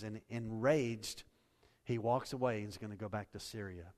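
A male pastor preaching a sermon in a church hall, swinging between soft, low passages and loud, raised ones. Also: normal speed. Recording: long reverb of a large hall.

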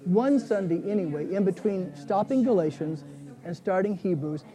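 A pastor leading a casual Bible study class, talking in a conversational, halting way. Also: male voice, sits high, expressive, dark tone, faint music behind. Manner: conversational, halting, many restarts and fillers.

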